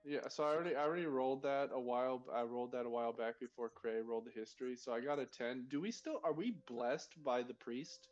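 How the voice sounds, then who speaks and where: A man's voice: mid-range voice, quick pace, hardly any pauses, a little mellow, highs cut off, soft background music. A man playing a tabletop game, thinking aloud with hesitant restarts. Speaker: player.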